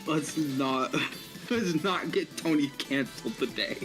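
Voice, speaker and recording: A man's voice: on the high side, lively intonation, takes it slowly. A man joining a game stream as a guest, chatting casually and laughing a lot, repeating himself for emphasis. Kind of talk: casual gaming stream chat. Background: faint game music.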